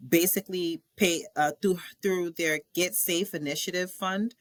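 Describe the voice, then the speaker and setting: A woman guest on a podcast, telling a personal story in animated conversation and acting out other people's words. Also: lowish voice, a little slow, dry recording. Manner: animated, acts out people's lines in a raised voice; frequent fillers and restarts.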